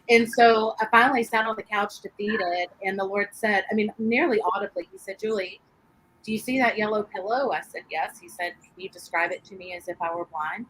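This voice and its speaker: A woman, a guest sharing her faith testimony in an interview, animated and quick to laugh as she acts out what people said. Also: mid-range voice, low-quality recording. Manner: animated storyteller, laughs often, acts out quotes.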